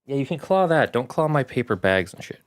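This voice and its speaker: A man hosts a casual live stream about preparing tabletop games. He talks in a chatty, animated, rambling way with a mid-range voice. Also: mid-range voice, fairly quick. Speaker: game master streamer.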